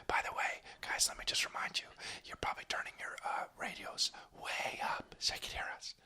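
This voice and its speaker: A man's voice: brisk, sharp tone. A man co-hosting a comedy podcast in a whisper, claiming to be furious. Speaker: podcast co-host.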